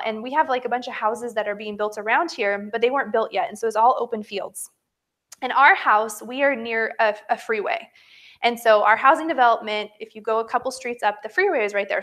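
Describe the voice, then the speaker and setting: Chatty woman giving a motivational talk. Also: fairly high pitch. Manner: chatty, animated storytelling, addresses listeners as you guys. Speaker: direct-sales team leader.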